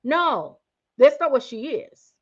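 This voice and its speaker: Excitable, blunt woman host, lo-fi sound. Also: high-pitched, slow pace. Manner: excitable, blunt, talks to her viewers directly. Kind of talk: casual opinion commentary livestream.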